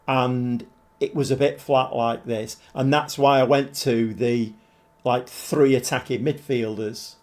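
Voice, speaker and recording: A man, commentating on his own football management game in a livestream. He talks slowly and in a rambling, chatty way, thinking aloud and answering his viewers as he goes. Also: mid-range voice, gravelly, darkish tone. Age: 70s. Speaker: gaming livestreamer. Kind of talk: live game commentary and chat.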